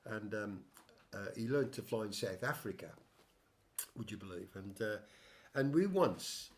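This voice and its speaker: A man's voice: lowish voice, animated, a little slow. An older man hosting a casual music chat, telling a long story with many restarts and wry asides. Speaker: show host and songwriter.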